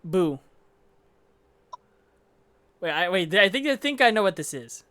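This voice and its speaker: A gaming channel host giving casual, excitable commentary at home, giggling and cutting in on themselves. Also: medium pitch, a little slow. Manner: excitable, giggly, self-interrupting. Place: home room with a fan running.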